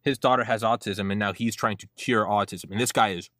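A man hosting a podcast interview, talking casually in a rambling, excitable way and leaning on "like" as a filler. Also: lowish voice, fairly quick, dry recording, clean studio sound. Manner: rambling, excitable, heavy use of "like". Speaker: podcast host.

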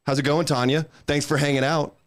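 A man's voice: a little high, little pitch movement, brisk. A man hosting a casual livestream, bantering playfully and defending himself against teasing. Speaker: livestream host.

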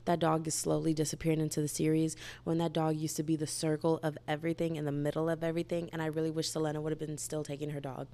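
A woman's voice: low-pitched, flat delivery, quick pace, hardly any pauses, warm tone. A young woman chatting casually and animatedly as a book vlogger, gushing and rambling with lots of "like". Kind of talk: casual book review chat.

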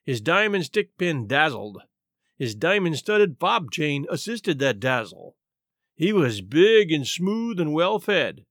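Male audiobook narrator, expressive, slightly high voice. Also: dry recording, clean studio sound. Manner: expressive, measured storytelling.

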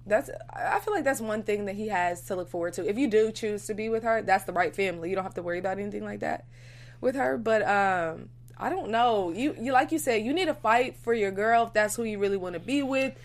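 Woman co-host, animated and emphatic, casual recap chat, "like" in every sentence. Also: medium pitch, fairly quick.

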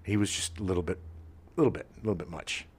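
Low-voiced and slightly rough, this middle-aged podcast co-host talks fast. He keeps the chat casual, spinning animated stories and breaking into laughter frequently.

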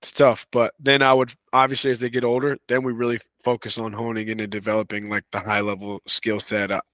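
A man talking as a wrestling coach and podcast guest in a relaxed, casual way, full of "you know" and "right.". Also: medium pitch, fairly quick, no echo. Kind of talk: casual conversational interview.

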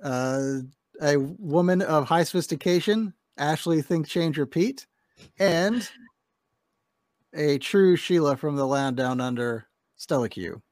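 Joking podcast host, dry close sound. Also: male voice, fairly high pitch, slow, a little mellow, no room sound. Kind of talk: casual podcast chat.

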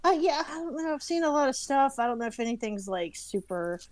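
A woman, a parent, chatting casually as a stream guest, expressive and quick to laugh. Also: high voice, no echo. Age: adult parent. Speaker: guest talking about movies. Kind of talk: casual chat.

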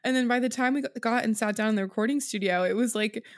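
A woman's voice: a little high, fast. A young woman co-hosting a podcast, telling a story in casual chat with frequent laughs. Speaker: podcast co-host.

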